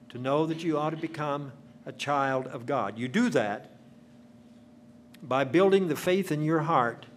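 An older male preacher delivers his sermon with a homely, storytelling touch. He drags out key phrases slowly for emphasis, and his voice sits at an ordinary middle pitch. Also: slight background noise.

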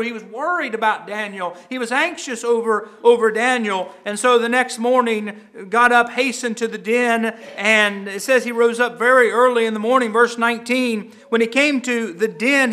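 Middle-aged male pastor, bright, high voice, earnest sermon delivery with frequent restarts.

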